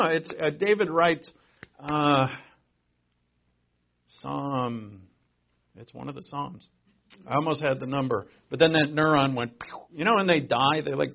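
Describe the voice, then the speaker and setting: A middle-aged man preaching a sermon as a pastor, conversational and joking, swinging between loud emphasis and quiet asides. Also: a little high, vocal fry, dull audio.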